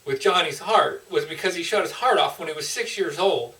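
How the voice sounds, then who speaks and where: A man's voice: on the high side, a little fast, bright, forceful tone, far from the mic, low-quality recording. A man, a motivational speaker, telling an emotional personal story in an earnest, heartfelt way with frequent restarts.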